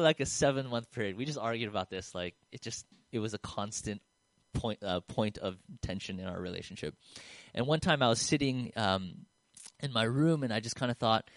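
A man preaching a sermon as a conversational story, moving from lively retold dialogue to quiet, earnest reflection. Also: medium pitch, fairly quick, no room sound. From Australia. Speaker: pastor.

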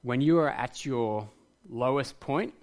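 A pastor delivers a sermon slowly, earnest and reflective. His voice is at an ordinary middle pitch, and his emphasis rises into passion whenever he drives a point home.

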